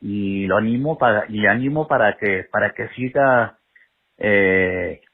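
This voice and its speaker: A man phones in to a talk show, polite and halting, pausing on fillers. His voice is slightly husky. It comes through a tinny phone line. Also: on the low side. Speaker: caller. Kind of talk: phone call-in.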